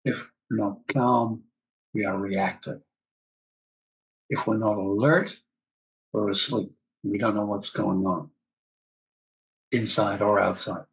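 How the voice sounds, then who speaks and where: A man teaching a breathwork class, calmly guiding the breath and repeating key phrases. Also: fairly low pitch, slow, creaky, long pauses, highs cut off.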